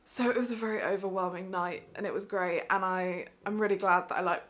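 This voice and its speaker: A woman's voice: medium pitch, fairly even intonation, fairly quick, few pauses, fairly bright tone. A young woman chatting enthusiastically in a casual vlog about the theatre shows she has seen. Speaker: theatre vlogger.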